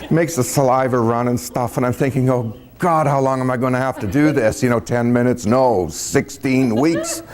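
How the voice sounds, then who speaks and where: A man's voice: mid-range voice, fairly even intonation, a little fast, few pauses. A man telling a personal story in a folksy, casual way, chuckling and acting out the dialogue as he goes.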